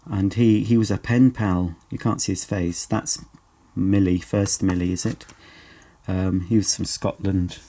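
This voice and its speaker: A man's voice: low-pitched, steady tone, a little slow, warm tone. A middle-aged man, chatting in a sentimental, self-mocking way as he sorts through old belongings at home. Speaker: vlogger. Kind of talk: casual chat while sorting belongings. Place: home, indoors.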